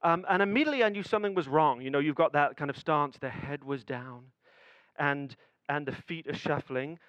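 A man's voice: a little high, brisk, a bit bright, no room sound, poor audio. A man preaching a sermon, telling a family story with building suspense and acted-out dialogue.

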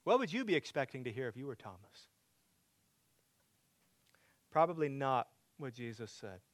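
A man preaching a sermon to a congregation, asking them direct questions and building from quiet teaching to loud, emphatic preaching. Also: medium pitch, very animated, moderate pace, no room sound. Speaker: pastor.

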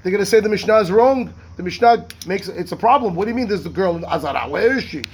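A man, a rabbi teaching a Talmud class, reading text quickly and explaining it in rhetorical questions. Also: high-pitched, a little hiss or hum. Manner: animated, reads Hebrew text fast then explains in English; asks rhetorical questions, acts out the rabbis' voices.

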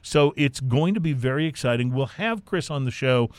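A man from Texas co-hosting a casual chat, animated and chatty with plenty of fillers. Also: medium pitch, moderate pace, no echo. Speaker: co-host.

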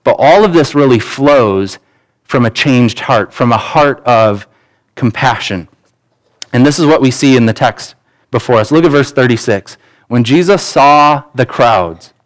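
A man in his thirties preaches to his congregation with an easy, conversational delivery. His voice sits at an ordinary middle pitch. He slips in personal stories and acts out the dialogue inside them. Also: poor audio. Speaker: pastor. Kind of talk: sermon. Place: church sanctuary.

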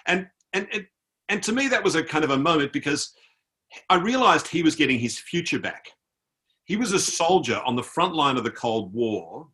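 On a video call, an Australian author who is a guest tells an anecdote and mimics the people he met. His voice sits a little high and has a sing-song lilt, with a pushed, bright quality at a normal pace. It's storytelling within a conversation.

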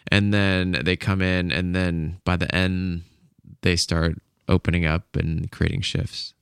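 A man hosting a podcast interview, relaxed and casual, who mostly gives short encouraging replies. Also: low voice, takes it slowly, clear, resonant tone, no echo, studio quality. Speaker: podcast host.

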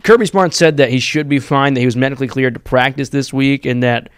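A young man with a smooth, clear voice lays out his football analysis at an even, steady pace. He builds long, run-on points as he thinks aloud. The recording is dry and close. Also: medium pitch, fast talker, no room sound. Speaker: student sports podcast co-host. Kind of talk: sports analysis chat.

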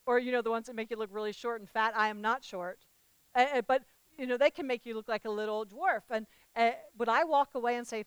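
Emphatic and calling out to her listeners, a woman preaches to a live crowd, climbing to loud declarations. Her voice is a little high and fairly quick, with a clean tone and no room sound.

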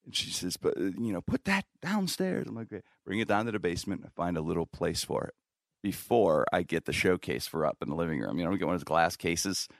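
A man's voice: low voice, fast, gravelly, dry recording, clean studio sound. A middle-aged man telling a long anecdote in a casual podcast chat, acting out the quotes and laughing as he goes. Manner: animated storyteller, acts out quotes, laughs often. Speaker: guest storyteller.

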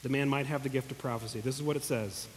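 A man's voice: medium pitch, steady tone, quick pace, slight background noise. A pastor preaching a sermon in earnest, emotional tones, speaking directly to his congregation. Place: church hall. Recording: long echo of a large hall.

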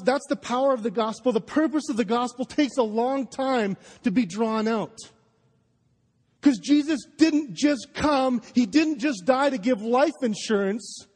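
A man preaches with rising fervor, his voice sitting notably high as he pushes his points home. He trips over restarts and repeats himself in his eagerness. The sound carries the long reverb of a large church hall. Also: a little mellow. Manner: impassioned, emphatic, with stammering restarts. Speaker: pastor. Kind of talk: sermon. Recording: live sermon in a reverberant hall.

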